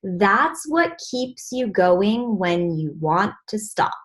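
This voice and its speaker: A woman hosting a video call, giving an animated, encouraging motivational talk to her team. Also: medium pitch, slow. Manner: animated and encouraging, acts out stressed inner voices.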